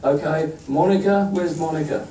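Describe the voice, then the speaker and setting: A man's voice: fairly high pitch, normal speed. Joking man in an echoey hall. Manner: chatty, joking, informal. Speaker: institute leader presenting staff. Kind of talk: speech at a staff event. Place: echoey event room with a crowd. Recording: echoey room, distant mic, crowd noise.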